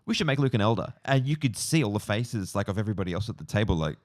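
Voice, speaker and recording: A man in his forties with an Australian accent, talking casually and reflectively, with plenty of fillers and restarts. His voice sits a little low. It is recorded close and dry, with no room sound. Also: animated, rapid-fire, dry recording. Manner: rambling, reflective storytelling with many fillers. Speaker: podcast co-host. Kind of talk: casual chat.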